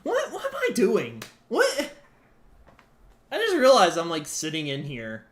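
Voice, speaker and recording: A man's voice: sits high, a little slow. A man chatting casually to his viewers on a live stream, alone in a small room, swearing loosely and jumping between topics. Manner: animated, swears casually, talks to chat.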